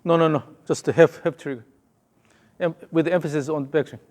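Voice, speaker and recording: A man's voice: a little high, fairly even intonation, brisk, a little mellow. Man coaching with short repeated cues. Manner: short repeated cues, hums counts and rhythm. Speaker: golf coach. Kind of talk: hands-on coaching session.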